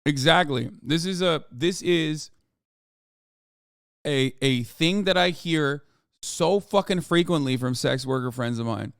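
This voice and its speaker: A man's voice: a little high, a little slow, clean tone, no room sound, studio quality. A man streaming a casual reaction commentary, ranting in an exasperated, profane way.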